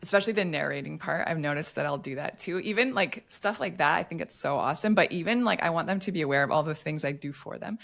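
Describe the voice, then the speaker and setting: A woman's voice: low-pitched, fast, gravelly, hardly any pauses. A woman hosting a casual podcast interview, affirming and laughing lightly as she talks. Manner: warm and affirming, laughs between words. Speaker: podcast host.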